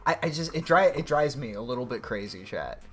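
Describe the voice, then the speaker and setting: A man's voice: mid-range voice, expressive, fairly quick, a bit bright, faint music behind. A man hosting a casual livestream, ranting sarcastically and swearing often. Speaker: livestream host.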